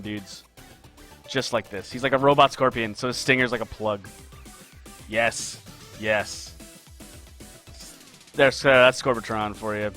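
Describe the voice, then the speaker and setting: A man's voice: mid-range voice, a little slow, pauses often, pushed and bright, faint music behind. A man hosting a casual live stream as a game artist, upbeat and chatty, greeting viewers by name while he draws.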